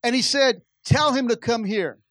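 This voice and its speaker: At a normal pace and a very high pitch, a slightly bright male voice preaches with no echo around it. The pastor pushes his point home to the congregation in waves of intensity, frequently repeating phrases and tripping into restarts.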